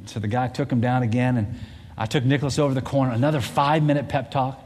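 A man in his forties, a pastor telling a family story in a sermon, animated and full of restarts. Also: medium pitch, quick pace. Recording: long hall reverb.

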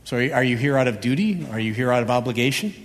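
A man's voice: medium pitch, lively intonation, fast talker. A male pastor preaching a sermon, driving his points home with repeated rhetorical questions. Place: church sanctuary. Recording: reverberant church hall.

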